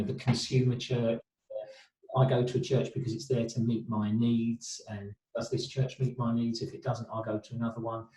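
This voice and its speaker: A man in a reflective interview speaks from a distance on a video call, his mellow voice carried by a roomy echo. He muses thoughtfully and leans on rhetorical questions. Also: mid-range voice. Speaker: counsellor and therapist guest.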